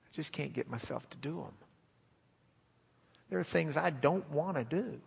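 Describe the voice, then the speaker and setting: A man preaching a sermon in a folksy, animated, joking way in a church sanctuary. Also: a little high, normal speed, creaky, slightly rough, long reverb tail.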